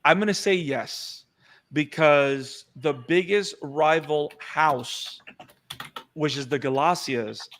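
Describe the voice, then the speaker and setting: A man with a slightly higher voice co-hosts a casual anime chat. He talks in an animated way, stumbling over and repeating words as his ideas pile up. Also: slow pace. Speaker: podcast co-host.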